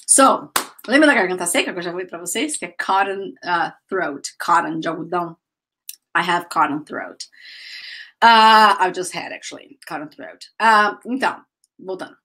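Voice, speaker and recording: A woman teaching English grammar, drilling phrases slowly and chatting with her students. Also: fairly low pitch, animated, bright, forceful tone. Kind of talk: live online English lesson.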